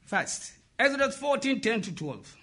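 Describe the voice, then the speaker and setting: Man preaching, very high voice, slow delivery, shouts and questions the congregation. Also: big pitch swings. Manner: impassioned preaching, calls out and asks the congregation questions; often shouts. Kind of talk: sermon.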